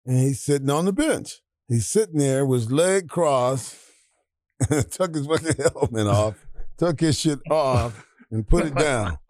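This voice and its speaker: Man, 60s, guest storyteller; middle pitch, dry close sound, profane and animated. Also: measured pace, dry recording. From Atlanta, Georgia, US. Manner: animated, profane, laughing as he acts out quotes. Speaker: guest, retired football player. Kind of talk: casual storytelling.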